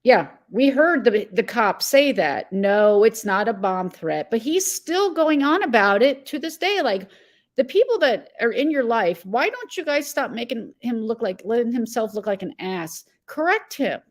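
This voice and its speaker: A woman's voice: fairly high pitch, big pitch swings, normal speed. A woman hosting a casual live-stream commentary, agitated and blunt, reading chat messages and answering viewers by name. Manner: rambling with fillers and self-corrections.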